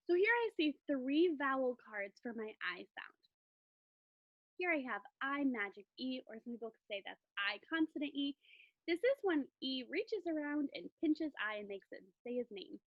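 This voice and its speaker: A woman teacher giving a recorded phonics lesson, patiently sounding words out slowly for young learners. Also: sits high, lo-fi sound.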